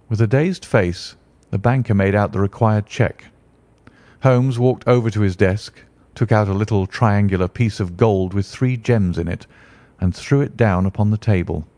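Male narrator, steady reading, gravelly tone, dry close sound. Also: lowish voice, moderate pace, dry recording. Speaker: audiobook narrator. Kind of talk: scripted narration.

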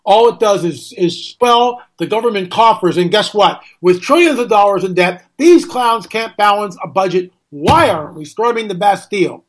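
A man's voice: sits high, lively intonation, normal speed, hardly any pauses. A middle-aged American man hosting a radio talk show, ranting indignantly and firing off rhetorical questions. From United States. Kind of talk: opinionated radio monologue.

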